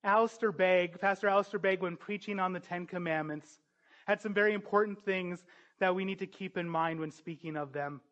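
A man preaching a sermon, earnest and emphatic, building to forceful peaks. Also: high voice, a little fast, lo-fi sound.

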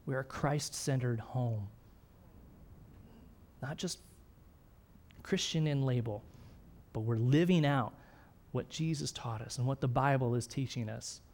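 A man's voice: mid-range voice, unhurried, pauses often, a little mellow. Man preaching a conversational sermon. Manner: conversational preaching, frequent "right?" and "okay?", light laughs. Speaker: pastor.

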